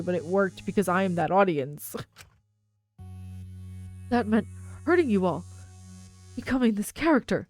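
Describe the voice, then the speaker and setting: A woman's voice: fairly high pitch, darkish tone, pitched above the performer's own voice, close to an everyday voice, low-quality recording. A woman reading as a goofy teen boy TV star. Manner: overly formal, goofy. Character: showy teenage boy TV personality, silly.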